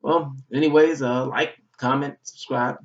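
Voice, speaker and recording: A man's voice: medium pitch, a little slow. Young guy from georgia spinning a wild story, cussing a lot, sounds kinda far off and muffled. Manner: animated, swearing, exaggerated storytelling. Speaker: vlogger. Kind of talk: comic storytelling. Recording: dull, slightly distant recording.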